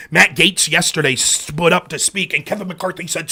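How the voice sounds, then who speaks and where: Man, high voice, forceful and bright, sarcastic angry political rant, swearing freely. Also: moderate pace, slightly rough. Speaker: political commentary host. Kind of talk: ranting political commentary.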